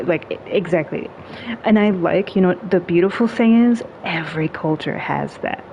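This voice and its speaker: A woman in a casual chat, talking in a relaxed, chatty way with many "like"s and little humming sounds. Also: on the low side, moderate pace. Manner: relaxed, chatty, heavy use of "like" and hums; playful with tone, acting out little sounds. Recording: dull lo-fi sound with faint noise.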